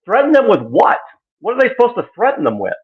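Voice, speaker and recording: A man giving casual live-stream sports commentary, animated and exasperated, acting out the voices he quotes. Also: extremely high pitch, fast talker, slightly rough. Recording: tinny phone-like line.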